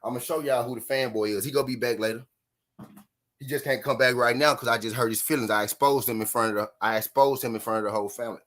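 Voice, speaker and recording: A man's voice: medium pitch, fairly even intonation, fast talker, fairly bright tone. A man from Memphis, Tennessee, hosting a live stream and taunting his chat with mocking, repeated jabs and frequent laughter.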